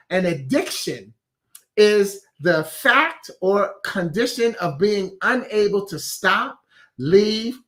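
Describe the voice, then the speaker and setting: A man's high-pitched, somewhat bright voice leads a weekly inspirational segment. He talks in an easygoing, chatty way, laughing at his wordplay and sharing comments from viewers as casual motivational talk.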